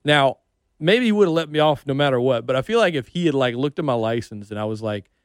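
Animated and fast, the middle-aged host speaks in a mid-range voice with a clean tone as he runs a casual sports radio interview. He tells chatty stories and acts out quoted speakers. Recorded on a studio mic in a radio studio, the audio is clean with no room sound.

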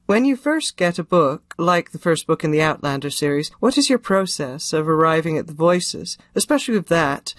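A man's voice: on the high side, sing-song, normal speed, few pauses, a bit bright, no echo, studio quality. A man interviewing an audiobook narrator, asking appreciative, curious questions.

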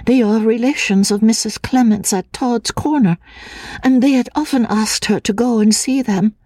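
A woman voicing a timid, fragile young woman haunted by grief, speaking in a breathless, hushed voice that slips into whispers. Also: a little high, moderate pace, no echo, close to an everyday voice. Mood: wistful. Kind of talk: audiobook drama acting.

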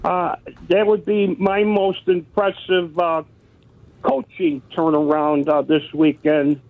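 A man's voice: on the high side, flat delivery, slow, no echo. A man calling into a sports radio show, hesitant and full of ums and uhs, heard over a tinny phone line. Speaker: caller. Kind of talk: call-in radio chat.

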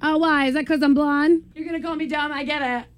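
A woman's voice: high-pitched, fairly even intonation, fairly quick, dry recording. A woman hosting a morning radio show, bubbly and affectionate with a caller. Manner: bubbly, affectionate, laughs easily. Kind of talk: casual radio chat.

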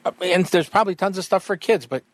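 A man's voice: sits high, no room sound. A man hosting a casual outdoors radio talk show, joking and chatting with guests. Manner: jokey, animated, quick asides.

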